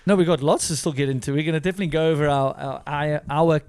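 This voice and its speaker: A man's voice: fairly high pitch, fairly even intonation, quick pace, darkish tone, smooth. A man hosting a podcast in casual, enthusiastic chat, laughing often and restarting sentences. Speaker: podcast host.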